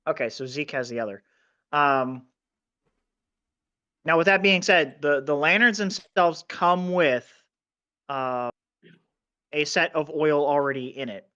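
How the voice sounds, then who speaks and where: A man running a tabletop game as game master, explaining rules in a relaxed way with many fillers. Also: on the high side, unhurried, long pauses, clear, resonant tone, dull audio.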